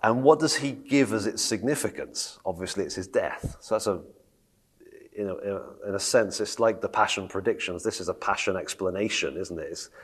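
A man's voice: deep voice, moderate pace, breathy edge. A man teaching a Bible study in a conversational way, reading scripture aloud and asking the group questions.

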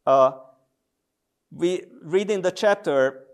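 A man lecturing on theology in a measured, deliberate way, with frequent hesitation sounds. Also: high voice. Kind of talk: theological lecture with scripture readings.

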